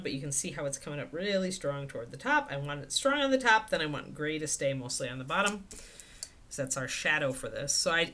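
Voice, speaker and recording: Chatty woman with a lively, low voice. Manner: chatty, thinks aloud with fillers. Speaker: miniature painting instructor. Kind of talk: casual live painting stream talk. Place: home painting desk.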